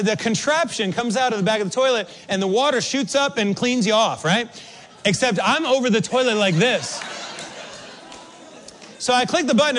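A male pastor preaching a sermon, telling a story with animated, acted-out reactions. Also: extremely high pitch. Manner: animated, acts out his own reactions.

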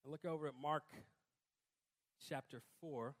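A man preaching a sermon in a conversational way, breaking into emphatic, louder outbursts. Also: on the high side, a little slow. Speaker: pastor.

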